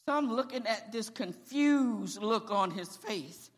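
An older woman preaching a testimony, telling her story dramatically and building to emphatic, shouted declarations. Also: a little high, lively intonation, slow pace. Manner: dramatic storytelling, acting out each person in turn. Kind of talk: sermon testimony.

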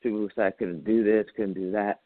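A man, a Marine veteran, telling a story as an interview guest, animated, acting out his own quotes and laughing often. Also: fairly low pitch, brisk, dry recording, narrow, tinny audio. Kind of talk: casual storytelling.

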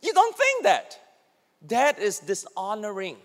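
A man's voice: high-pitched, unhurried, in a large hall. A man pastor preaching a sermon, acting out quoted lines as he speaks. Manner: animated, acts out quoted speech.

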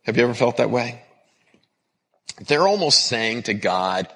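A man preaches a sermon in an earnest, repetitive cadence, drawing on his work as a counselor. His voice is bright and forceful with a husky edge. It rings out through the long reverb of a large hall. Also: mid-range voice, sing-song, a little slow. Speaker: pastor and counselor.

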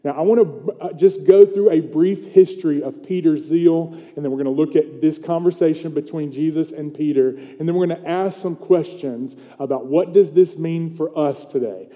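Here a pastor with a mellow, higher-pitched voice preaches at normal speed with few pauses. The sermon is conversational and the storytelling animated, punctuated by "okay?" and "right?" to the congregation, with long hall reverb around him.

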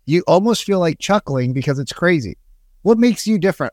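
A man's voice: fairly high pitch, animated, a little fast, dry recording, studio quality. Direct, emphatic man coaching. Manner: direct, emphatic, acts out quoted voices. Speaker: sales trainer. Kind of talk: energetic coaching talk.

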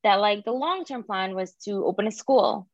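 A woman's voice: mid-range voice, animated, normal speed, no room sound, muffled recording. A woman guest in a podcast interview who owns a beauty school, talking casually and chattily. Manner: casual, chatty, many "like" fillers.

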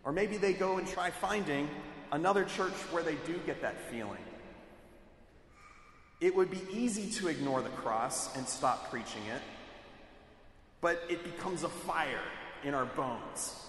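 Male preacher, slow deliberate sermon, echoey sanctuary sound. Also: a little high, lively intonation, fairly bright tone, faint music behind. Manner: measured, emphatic delivery with dramatic quoted speech. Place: church sanctuary. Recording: echoey hall, mic at a distance.

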